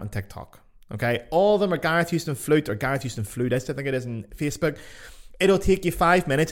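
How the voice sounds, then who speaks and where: A young man with a Northern Irish accent, hosting his own podcast in casual, excitable talk that swears freely and jumps about in pitch. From Northern Ireland. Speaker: podcast host, flutist. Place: home in Cologne.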